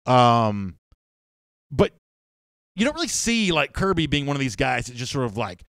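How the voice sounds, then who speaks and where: A man's voice: medium pitch, sing-song, moderate pace, fairly bright tone, dry recording, studio quality. A man hosting a live sports talk show, chatting casually and reading viewer comments, rambling with restarts and fillers.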